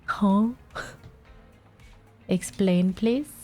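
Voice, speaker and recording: A woman's voice: mid-range voice, extremely slow, darkish tone, faint music behind. A young woman streaming live, chatting casually and swearing as she fixes her setup, sounding a little congested.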